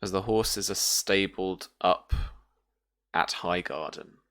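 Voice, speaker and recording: A man narrating as game master of a tabletop role-playing game, with measured, soft-spoken narration. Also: deep voice.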